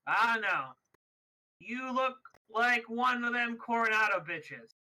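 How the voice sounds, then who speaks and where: A man's voice: extremely high pitch, animated, slow, bright, forceful tone, full character voice, poor audio. A man voicing an arrogant male biker gang boss who talks down to people in a swaggering, condescending way. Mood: condescending threat.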